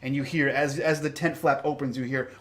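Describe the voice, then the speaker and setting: Halting male game master. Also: mid-range voice, fairly even intonation, noisy background. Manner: halting, with many ums and uhs. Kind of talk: narrating a tabletop game.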